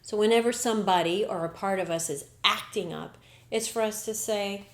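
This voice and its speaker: A woman's voice: medium pitch, moderate pace. A woman hosting a spiritual podcast, talking in an earnest, reflective way and often slipping into quoted inner dialogue. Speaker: podcast host. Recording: roomy echo.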